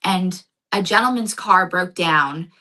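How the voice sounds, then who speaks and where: A woman's voice: lowish voice, takes it slowly, bright, forceful tone, low-quality recording. A woman running for local office, talking earnestly in a casual interview and telling stories. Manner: earnest, storytelling. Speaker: county commission candidate.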